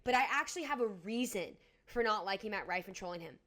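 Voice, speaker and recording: A woman's voice: mid-range voice, expressive, fast talker, sharp tone. A young woman from Atlanta, co-hosting a podcast, ranting heatedly with lots of swearing in casual chat. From Atlanta, Georgia. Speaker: podcast co-host.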